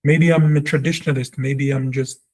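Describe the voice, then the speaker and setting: A man giving a spoken language lesson, talking earnestly and reflectively, and repeating sounds slowly to show how they are said. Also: mid-range voice, little pitch movement, darkish tone. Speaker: Hebrew teacher.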